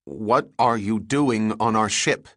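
A man's voice: fairly low pitch, takes it slowly, a bit bright, no echo, clean studio sound. A man doing a flustered bridge officer. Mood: nervous. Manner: blurting, flustered. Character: startled male ship's bridge officer.

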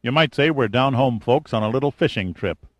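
A man's voice: medium pitch, brisk, dry recording, pitched above the performer's own voice, close to an everyday voice. A man voicing a cocky, unflappable boat captain in an audiobook, teasing and confident. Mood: cavalier. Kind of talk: audiobook character voice.

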